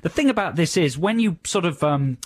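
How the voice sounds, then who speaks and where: A man in his thirties co-hosting a radio show in casual banter, playful and quick to mimic voices. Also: on the high side, lively intonation, no echo. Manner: playful, puts on silly voices mid-story. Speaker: radio co-host. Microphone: studio microphone.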